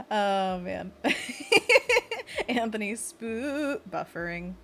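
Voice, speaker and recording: A woman's voice: fairly high pitch, fairly bright tone. A woman hosting a casual livestream, chatting and giggling as she plans designs and leads viewers through a hand stretch. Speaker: livestream host.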